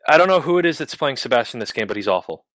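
Blunt, animated man in casual chat. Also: mid-range voice, rapid-fire, no room sound. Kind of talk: casual game discussion.

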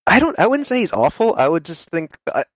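A man's voice: on the high side, big pitch swings, brisk, dry recording. A man chatting casually about games, rambling and laughing easily. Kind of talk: casual game discussion.

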